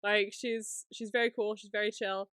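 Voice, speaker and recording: A woman's voice: medium pitch, little pitch movement, fairly bright tone, smooth, no echo, studio quality. A woman co-hosting a podcast, chatting casually with playful, joking reactions. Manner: playful, quick reactions and jokes. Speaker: podcast co-host. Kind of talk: casual recap chat.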